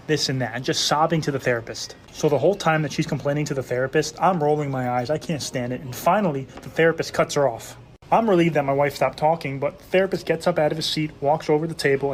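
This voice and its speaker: Fast-talking man telling crude jokes. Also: on the high side. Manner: brisk, deadpan setups leading to punchlines, with swearing. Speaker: joke storyteller. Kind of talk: telling crude jokes as first-person stories.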